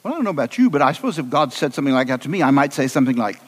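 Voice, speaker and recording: A man preaching a sermon as an animated, humorous storyteller with a conversational delivery. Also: mid-range voice, quick pace, hardly any pauses, slightly rough, long reverb tail.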